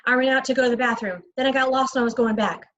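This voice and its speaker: A woman's voice: huge pitch swings, unhurried, a bit bright, lo-fi sound, heavily acted. A woman reading aloud, voicing a nervous stammering boy with a raised voice. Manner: stammering, higher voice. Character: nervous boy hiding a secret.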